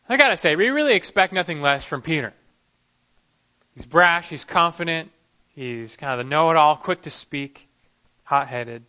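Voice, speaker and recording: Bright-voiced man preaching a sermon. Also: a little high, lively intonation, moderate pace, dull audio. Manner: emphatic, with many rhetorical questions.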